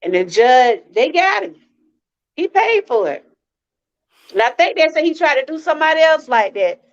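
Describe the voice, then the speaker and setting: A woman's voice: high-pitched, big pitch swings, normal speed, muffled recording. A woman from Georgia, hosting a live-stream testimony talk, earnest and repeating herself as she speaks straight to her viewers. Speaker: channel host.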